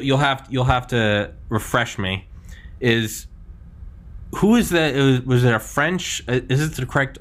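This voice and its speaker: A man's voice: medium pitch, a bit bright. A man in his thirties hosting a podcast, talking in a loose, rambling, chatty way full of "like" and "man". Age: 30s. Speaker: podcast host. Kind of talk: casual chat.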